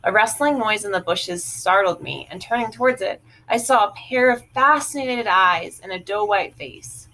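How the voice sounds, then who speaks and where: A woman reading a literary novel aloud in a measured, even way. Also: medium pitch, low-quality recording. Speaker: audiobook reader.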